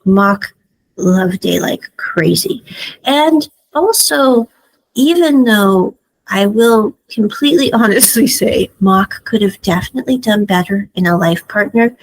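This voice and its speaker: A woman's voice: mid-range voice, expressive, a little slow, rough recording. A woman giving a casual, chatty spoken review of a drama series, retelling scenes with frequent asides.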